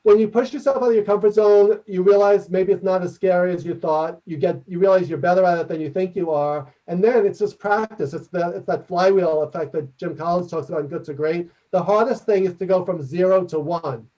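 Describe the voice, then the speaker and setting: A man presenting a workshop over a video call and answering questions, talking quickly and energetically in the manner of a professor and trainer. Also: high-pitched, warm tone. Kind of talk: webinar presentation and Q&A. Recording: dull distant video-call audio.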